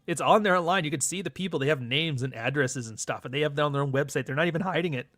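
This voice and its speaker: A man's voice: on the high side, rapid-fire, a bit bright, no room sound, studio quality. A young man, hosting a livestream in a sardonic, profane, rambling monologue. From Canada. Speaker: livestream host. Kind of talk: casual ranting monologue.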